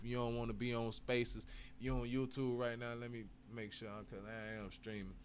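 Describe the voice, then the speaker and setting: A man's voice: medium pitch, level tone, moderate pace, few pauses, noisy background. A man hosting a live stream, chatting casually with heavy swearing, frequent laughs and bursts of hype. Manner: profane, hyped, laughs often.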